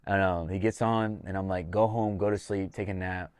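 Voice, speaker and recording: A man with a low voice tells a loose story on a podcast, swearing freely and acting out bits of dialogue. The recording is dry and close, with no room sound. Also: steady tone, moderate pace, a little mellow, clean tone, no room sound. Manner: loose and profane, acts out quoted dialogue. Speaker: podcast host and fight coach.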